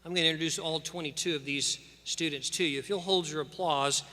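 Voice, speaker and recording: A man's voice: on the high side, steady tone, brisk, sharp tone. Earnest man in a reverberant church. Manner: earnest, emphatic, preacherly cadence. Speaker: school official addressing graduates. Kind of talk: commencement address with scripture. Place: large church sanctuary. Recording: long church-hall reverb.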